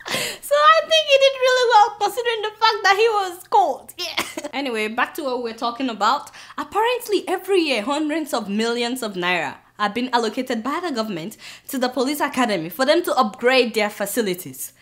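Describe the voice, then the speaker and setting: A woman's voice: high voice, expressive, brisk, fairly bright tone. A Nigerian woman hosting a satirical comedy commentary show, sarcastic and laughing often between remarks. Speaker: show host.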